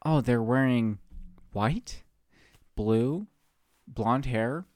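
A drunk man co-hosting a casual podcast, rambling through his points and giggling often. He talks at an unhurried pace at a middle pitch. The sound is dry and close to the mic. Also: a little mellow, no room sound. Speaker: podcast co-host. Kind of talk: casual chat.

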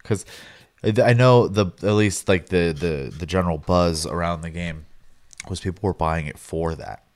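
A man's voice: low-pitched, moderate pace. A man co-hosting a gaming podcast, giving a hesitant, reflective review with many restarts. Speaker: podcast co-host. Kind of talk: casual gaming podcast chat.

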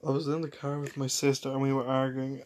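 A man's voice: mid-range voice, level tone, fast, a little mellow. A man, co-hosting a casual chat with wry, teasing humor. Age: 20s. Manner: wry, teasing, laughs at own stories. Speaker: podcast co-host.

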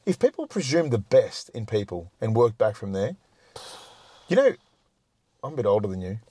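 A man's voice: on the low side, sing-song, moderate pace, warm tone, breathy edge, no echo. A middle-aged man chatting as a podcast guest, blunt and freely swearing, often repeating words as he starts a point. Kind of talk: casual chat.

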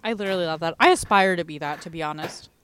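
A woman's voice: lowish voice, rapid-fire, fairly bright tone, a little hiss or hum. A young woman chatting casually on a podcast, breaking into laughter and tossing in swear words. She retells funny videos in a loose, rambling way. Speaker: podcast co-host. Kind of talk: casual chat.

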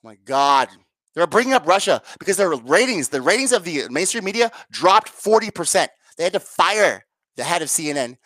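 A woman's voice: lowish voice, very animated, brisk, a bit bright, dry recording. A woman ranting to her viewers as a political commentator, sarcastic, profane and exasperated. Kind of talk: angry political rant to viewers.

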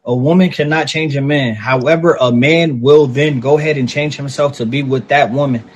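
A man talking casually as a podcast co-host, animated and profane, acting out little quotes as he argues his point. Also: medium pitch, moderate pace, husky. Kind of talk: casual chat.

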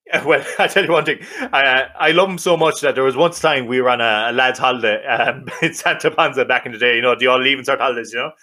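A man's voice: medium pitch, fast, pushed and bright. A boisterous Irish man co-hosting a podcast, swearing and laughing often in casual banter. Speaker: podcast co-host.

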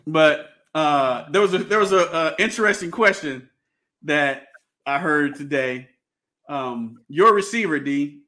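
A man's voice: a little high, unhurried, sharp tone. A man hosting a casual sports podcast, talking with many fillers and restarts and laughing often. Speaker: podcast host.

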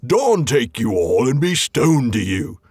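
A man's voice: medium pitch, very animated, unhurried, darkish tone, breathy edge, dry recording, studio quality, full character voice. A man voicing a hidden trickster wizard who mimics troll voices in a storybook reading, grumbling slyly.

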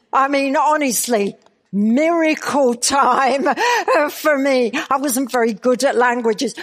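An older woman with a Northern Irish accent tells a church story with humor and animation. Her voice sits high, and she speaks at a slow, unhurried pace, laughing now and then along the way. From Northern Ireland. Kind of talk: storytelling sermon. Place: church gathering.

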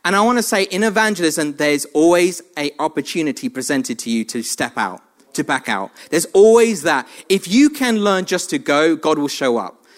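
A man's voice: a little high, moderate pace. A man preaching a sermon, telling funny stories about himself and laughing often. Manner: animated, self-mocking storytelling with frequent laughs.

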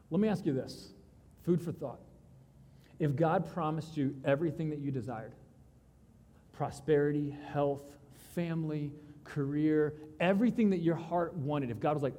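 A man with a fairly high but mellow, slightly husky voice preaches a sermon. He retells scripture in casual, conversational voices, swings from excited bursts to quiet intensity, and his words ring with the long reverb of a large hall. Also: normal speed. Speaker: pastor.

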